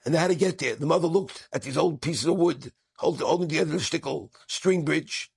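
A man's voice: a little high, brisk, creaky, a little mellow, husky, no echo. A man, a rabbi, telling an inspirational story with Yiddish and Hebrew words mixed into his English.

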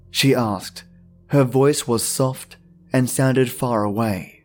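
Male podcast host for horror readings: friendly, hushed storytelling, mid-range voice, faint music bed. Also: mid-range voice, fairly even intonation. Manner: friendly, chatty intro, then slow hushed reading. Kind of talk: scripted horror story narration.

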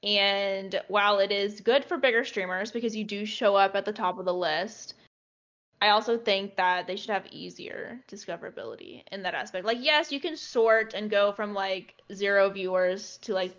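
A woman's voice: medium pitch, moderate pace, a bit bright, lo-fi sound. A young woman streamer in casual chat, talking loosely with many fillers. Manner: chatty, lots of "like" fillers.

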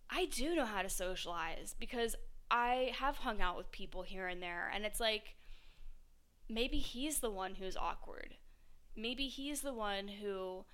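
A young woman talks through a story on her own podcast with a candid, unfiltered energy, dropping swear words and slipping into the voices of the people she quotes. Her tone is smooth and clear, set at an average pitch for a woman. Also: fairly bright tone. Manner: candid, swears freely, acts out both sides of conversations. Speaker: podcast host. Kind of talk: casual storytelling monologue.

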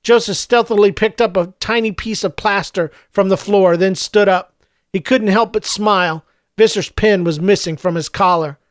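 A man narrating an audiobook in a steady storytelling manner. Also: sits high, clean tone, no room sound, studio quality. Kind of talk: scripted narration.

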